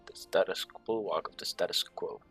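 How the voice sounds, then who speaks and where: A man's voice: low voice, a little fast, vocal fry, fairly bright tone, soft background music. A man giving casual strategy game commentary, reading menu text aloud with sarcastic, muttered asides. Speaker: gameplay commentator.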